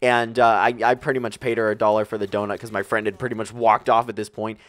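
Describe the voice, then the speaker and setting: A man's voice: on the low side, flat delivery, fast. A young man telling a casual storytime vlog, rambling with lots of fillers and acting out the story. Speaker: vlogger.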